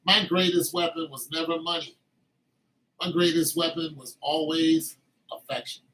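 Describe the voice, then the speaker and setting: A man delivering a casual, emphatic monologue of relationship advice, repeating his points and flaring up into shouting. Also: fairly high pitch, low-quality recording.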